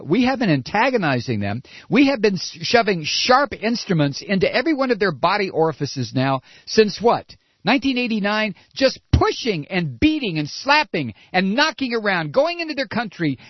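High, animated ranting radio host. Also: male voice, no room sound, lo-fi sound. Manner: indignant, sarcastic, mocking impressions. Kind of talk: ranting political commentary.

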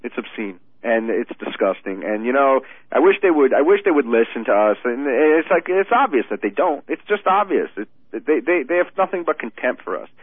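A male caller on a tinny phone line, stammering and indignant as he talks politics. His pitch swings widely, and the line sounds thin and dead-dry. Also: big pitch swings, a little fast, few pauses, dry recording. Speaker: phone-in guest.

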